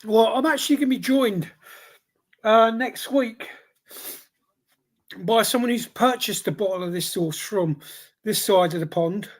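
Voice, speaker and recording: Male livestream host with a head cold, husky voice, exclaiming through a hot sauce test. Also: high voice, unhurried, pauses often. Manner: exclaiming, reacting aloud to spicy heat. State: has a head cold, runny nose.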